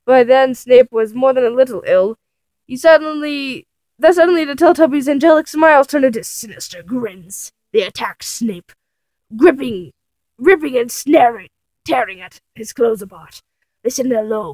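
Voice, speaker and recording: A woman's voice: a little high, a little slow, darkish tone, dry recording, poor audio. A woman reading a fanfiction aloud for comedy in a theatrical way, giggling and sounding incredulous at the text. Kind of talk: comic dramatic reading.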